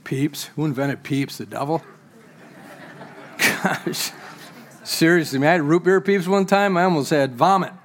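A man's voice: fairly high pitch, unhurried, long pauses, a bit bright, a little hiss or hum. A pastor preaching a sermon to his church, quoting scripture and repeating key words for emphasis, with joking asides to the congregation.

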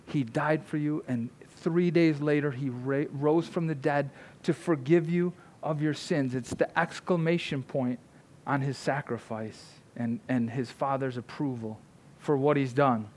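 A man's voice: mid-range voice, fairly even intonation, measured pace, darkish tone. A man preaching a sermon, fervent and emphatic, often repeating words and tagging his points with "right?". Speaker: pastor.

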